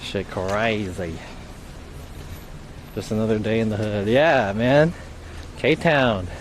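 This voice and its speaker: Out on a city street in light rain, a man streams live and rambles through a casual story, cursing as he goes. He's an IRL streamer with a lowish voice who takes his time. Street noise sits in the background.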